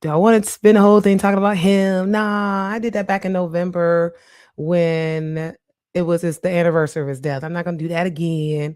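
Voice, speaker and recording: A middle-aged woman hosts her own podcast in a relaxed solo chat, laughing often as she goes. Her voice sits low and mellow. The recording is dry and close, with no room sound. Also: a little fast, clear, resonant tone, no echo. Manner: warm, chatty, laughs often. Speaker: podcast host. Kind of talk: casual solo podcast monologue.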